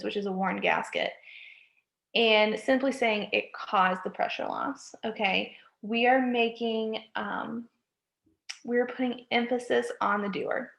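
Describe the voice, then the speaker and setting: Her voice is a little high, gravelly and fairly bright as this woman, a college writing instructor, lectures in an echoey room. The recording catches her frequently asking "okay?" and stopping to correct herself partway through sentences.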